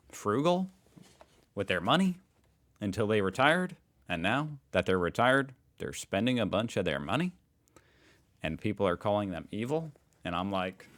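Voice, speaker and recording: A man's voice: fairly low pitch, fairly bright tone. A middle-aged American man in the United States, hosting a reaction video and musing aloud in a casual, amused way. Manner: musing, amused, thinks aloud with frequent fillers.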